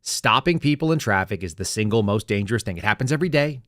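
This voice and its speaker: A man hosts a commentary podcast, talking quickly and bluntly as he explains his points. His voice sits close and dry, with no room sound around it. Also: on the low side, expressive, fairly bright tone, no echo. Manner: blunt, instructive. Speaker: podcast host. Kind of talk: political commentary.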